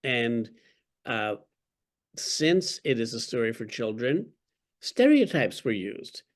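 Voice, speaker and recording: Speaking slowly with big pitch swings, a man of medium pitch tells stories as a podcast guest. An author being interviewed, he's articulate and wry, with chuckles here and there.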